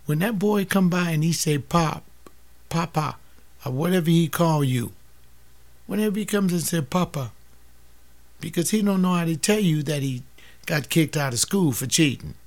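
Brief: older male preacher, gravelly, impassioned, drops from loud appeals to near-whispers. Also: on the high side, animated, brisk. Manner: acts out family dialogues, swings from loud to hushed. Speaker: teacher giving a sermon-like talk.

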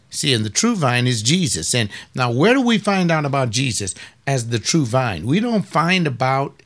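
A combative male preacher in his middle years, delivering a fiery sermon in a mid-pitched voice. He sounds scornful, firing off quick bursts and then slowing down to drag out key words. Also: a bit bright. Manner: combative, scornful, rapid bursts with drawn-out emphasis.

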